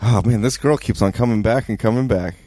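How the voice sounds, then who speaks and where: A man's voice: mid-range voice, brisk, mellow, dry recording, studio quality. A man joking casually with a friend while watching a film at home. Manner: joking, wry, chatty. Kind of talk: casual watch-along chat. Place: apartment in Brooklyn.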